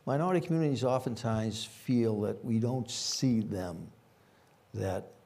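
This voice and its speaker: A man's voice: medium pitch, a little slow, mellow. An older man with a Boston accent, a former police chief telling rambling anecdotes with frequent fillers at a conference panel.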